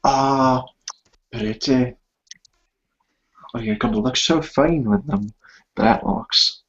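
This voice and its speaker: A man's voice: medium pitch, slow, fairly bright tone, dull audio. A man in a tabletop game who narrates moves in a casual, easygoing way.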